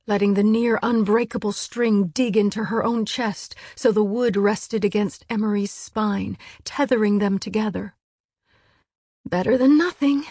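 A woman narrating an audiobook in a hushed, measured storytelling voice. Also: medium pitch, dry recording. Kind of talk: scripted narration.

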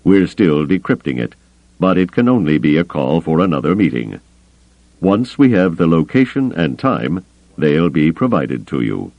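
A man voicing a cold, calculating alien admiral in a calm, measured, dry manner, on a slightly muffled recording. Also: rumbling low, creaky, no echo, full character voice.

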